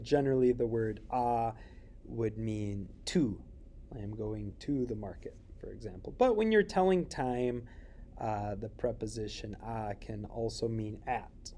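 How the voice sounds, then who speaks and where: A man teaching a recorded Spanish lesson, explaining slowly with many fillers and checking questions. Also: mid-range voice, dark tone.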